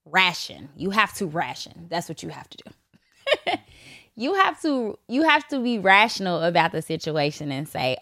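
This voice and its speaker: A young woman hosting her own podcast, talking candidly and bluntly with lots of swearing and laughter, her voice jumping from loud bursts to low asides. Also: very animated, normal speed, dry recording, clean studio sound. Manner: blunt, profane, laughing often. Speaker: podcast host. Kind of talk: candid solo podcast talk.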